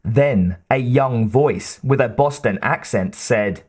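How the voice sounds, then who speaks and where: A man reading an audiobook in a measured, even narration. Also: medium pitch, breathy edge.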